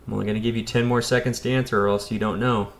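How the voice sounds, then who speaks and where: Chatty low-voiced American man. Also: little pitch movement, racing. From United States. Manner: rambling and chatty, talks straight to viewers. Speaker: electrician and YouTuber. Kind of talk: casual live-stream chat.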